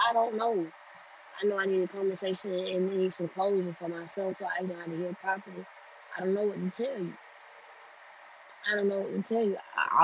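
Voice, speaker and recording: A woman speaks with blunt, profane emphasis and a cadence, hammering her points through repetition at a middling pitch. The recording is dull and lo-fi, with a faint hiss behind her. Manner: grows louder and more forceful as she goes. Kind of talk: candid monologue on healing.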